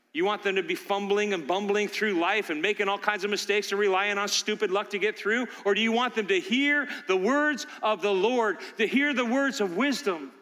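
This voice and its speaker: An older male pastor preaching with lively swings from loud urging to quiet storytelling. His voice is high and bright, and it rings out with the long reverb of a large hall. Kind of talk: sermon.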